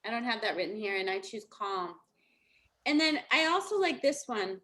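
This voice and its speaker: A woman's voice: medium pitch, animated, moderate pace, fairly bright tone. A middle-aged woman, giving a casual motivational talk as a coach and telling stories with lots of laughter. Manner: chatty, laughing storytelling.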